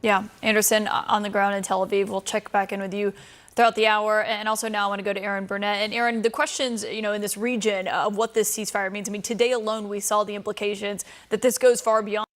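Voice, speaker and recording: A female news anchor on a live broadcast, speaking in a measured way and moving between reporters. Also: mid-range voice, little pitch movement.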